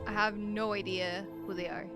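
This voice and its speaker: A woman's voice: medium pitch, level tone, moderate pace, music in the background. A woman playing her character in a tabletop game, answering in an evasive, offhand way. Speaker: player. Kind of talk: in-character tabletop role-play.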